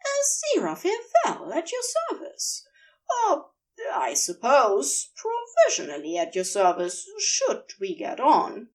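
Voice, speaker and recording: Woman doing a posh, hopeful gentleman magician. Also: on the high side, wildly swooping pitch, slow pace, far from the mic, exaggerated voice. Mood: polite.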